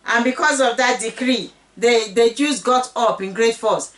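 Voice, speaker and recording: A woman's voice: fairly high pitch, moderate pace, few pauses, distant mic. Earnest woman teaching the Bible. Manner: earnest, personal, repeats phrases. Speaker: Bible teacher, channel host. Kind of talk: casual Bible teaching monologue.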